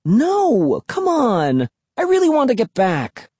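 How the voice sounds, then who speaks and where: A man's voice: mid-range voice, sing-song, moderate pace, dark tone, no echo. A man doing a bossy, smug little girl. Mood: whiny. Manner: whiny, teasing, smug. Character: bossy know-it-all young girl, teasing and smug.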